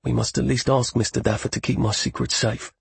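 An earnest young man with hidden magic, voiced by a man in an audiobook, speaking in a husky, gravelly voice. He talks earnestly and a little hesitantly. The sound is dry and close to the mic. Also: medium pitch, moderate pace, a little mellow, no echo, voice pushed up. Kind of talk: audiobook character voice.

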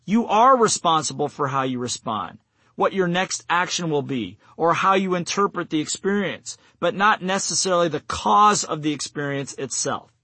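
Man, sales coach, somewhat high voice, dry close sound, step-by-step instruction. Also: expressive, normal speed, pushed and bright, no echo. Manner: numbered step-by-step delivery, acts out quoted self-talk. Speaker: sales trainer. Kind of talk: instructional self-help talk.

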